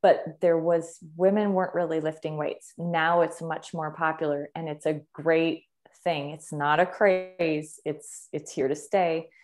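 Enthusiastic woman, slightly low voice. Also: fairly even intonation, a little slow, a little mellow. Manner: enthusiastic, emphatic, repeats words for stress. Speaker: fitness trainer and guest. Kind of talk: conversational podcast interview.

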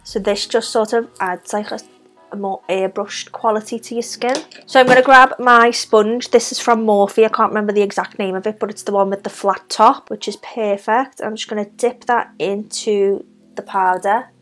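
A woman's voice: medium pitch, steady tone, normal speed, a bit bright, soft background music. A young woman with a Scouse accent, chatting her way through a makeup tutorial step by step. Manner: chatty, talks through each step while applying makeup. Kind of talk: casual makeup tutorial narration.

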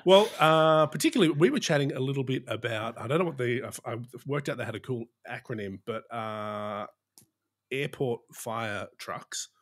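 Man cracking deadpan quips as co-host. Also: medium pitch. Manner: jokey, quick deadpan quips. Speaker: podcast co-host. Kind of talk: casual chat.

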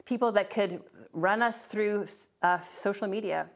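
A woman's voice: medium pitch, unhurried. Earnest woman teaching a Bible class. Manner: earnest, reads scripture aloud with restarts.

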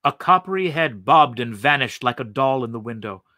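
A man reading a story aloud in a slow, expressive, vivid way. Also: medium pitch, no echo.

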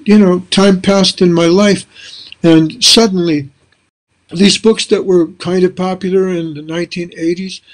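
An older man, a spiritual teacher and author, tells reflective stories in an animated, chuckling way, speaking over a video call from a small room lined with books. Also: high voice. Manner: animated, chuckling storyteller who acts out dialogue. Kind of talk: reflective storytelling interview.

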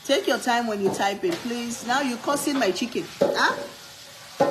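A woman with a fairly high voice hosts a cooking livestream at a measured pace, chatting casually and playfully with viewers, reading comments aloud and laughing a lot. The sound is reverberant, with heavy background noise.

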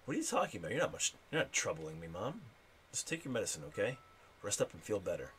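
A man's voice: fairly low pitch, big pitch swings, fast, a bit bright, slight background noise. A man reading the lines of a guilt-ridden young male hero in a game, subdued and brooding. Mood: gentle.

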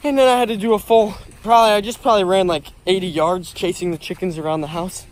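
A young man vlogging casually, excitable and out of breath after chasing animals outdoors. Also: high-pitched, fast talker. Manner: excitable, yells in panic. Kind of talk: casual vlog narration. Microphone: handheld camera.

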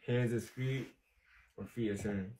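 A man's voice: medium pitch, steady tone, unhurried, warm tone, slight background noise, low-quality recording. Laid-back young man, rambling slang. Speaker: guest. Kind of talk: casual livestream chat.

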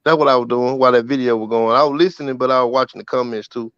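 A man's voice: mid-range voice, fairly even intonation, rapid-fire, fairly bright tone, smooth, no echo. A man co-hosting over a call from his phone, talking in a laid-back, slangy way. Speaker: podcast co-host. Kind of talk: casual chat. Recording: dull dry phone audio.

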